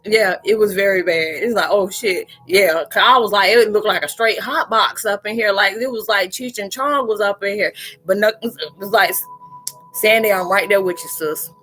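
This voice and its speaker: A young adult woman hosting a casual live-stream chat, telling animated stories and laughing often. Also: mid-range voice, normal speed, breathy edge, faint music behind. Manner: laughs often, tells animated stories, talks loosely and playfully.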